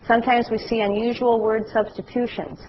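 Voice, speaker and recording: A middle-aged woman giving a class lecture, telling anecdotes in a lively way and acting out the voices of people she describes. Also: fairly high pitch, fairly quick, muffled recording, noisy background. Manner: animated storytelling, acts out voices.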